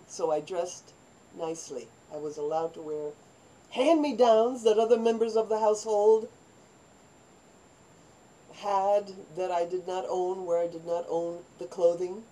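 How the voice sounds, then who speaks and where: An older woman in a personal storytelling monologue, rambling and animated, acting out the voices of people in her stories. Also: lowish voice, rough recording. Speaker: vlogger telling her life story.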